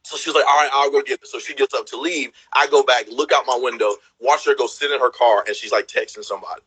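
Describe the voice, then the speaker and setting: Animated man telling a dating story. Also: medium pitch, fast talker, slightly rough, poor audio. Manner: animated storyteller acting out quotes, laughs often. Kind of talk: casual storytelling chat.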